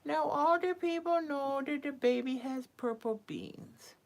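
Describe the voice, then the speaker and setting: A woman's voice: high-pitched, measured pace, gravelly. A woman hosting live psychic readings who chats casually and coos baby talk to her cat, sometimes dropping to a whisper. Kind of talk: casual live-stream chat.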